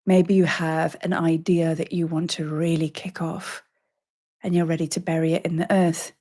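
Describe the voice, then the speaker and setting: A woman's voice: low-pitched, level tone, dark tone. Woman narrating a dramatic guided meditation. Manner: slow, dramatic storytelling. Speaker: teacher and priestess.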